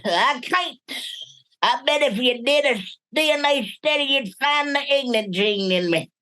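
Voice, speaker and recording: A man's voice: extremely high pitch, pushed and bright, low-quality recording. A male voice actor in casual chat on a video call, playful and joking, drawing his words out. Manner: playful, joking, drawn-out delivery.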